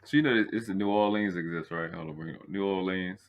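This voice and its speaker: A man's voice: deep voice, quick pace, dull audio. A man with a Baltimore accent, teasing and bantering in a casual panel chat. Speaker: panel co-host.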